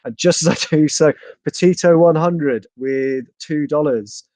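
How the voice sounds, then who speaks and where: A man's voice: fairly high pitch, a little slow, a little mellow, dry recording. A man with a Bristol accent hosting a live football podcast, joking and reading out viewer donations. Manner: jokey, reads out viewer donations. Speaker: podcast host.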